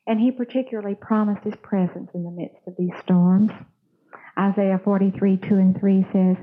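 A woman's voice: medium pitch, steady tone, brisk. A woman preaching a sermon in an earnest, storytelling manner. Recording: tinny phone-like sound.

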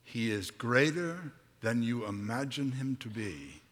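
Male preacher, slow and forceful, dramatic scripture reading, big reverberant church hall. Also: sing-song. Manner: dramatic, swings from hushed to booming when reading scripture. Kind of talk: sermon.

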